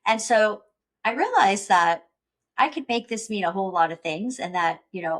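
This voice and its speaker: A woman's voice: medium pitch, animated, normal speed, a bit bright. A woman hosting a podcast, talking earnestly and reflectively in a personal monologue. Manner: earnest, self-reflective, acts out panicked inner voice. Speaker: podcast host.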